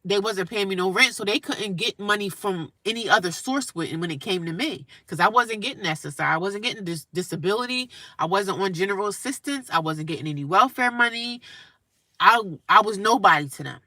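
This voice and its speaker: Speaking from her parked car, a woman vlogs to her viewers in a casual, emphatic, talkative way, calling them honey. Her mid-range voice is animated and a little fast, with a sharp tone and no echo.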